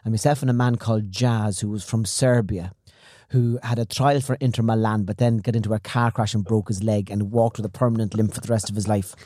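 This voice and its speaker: Middle-aged man, comic storyteller, quick and mellow, dry close mic. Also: on the low side, steady tone, dry recording. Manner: rambling anecdotes, chatty. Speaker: stand-up comedian and podcast host. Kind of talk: casual podcast chat.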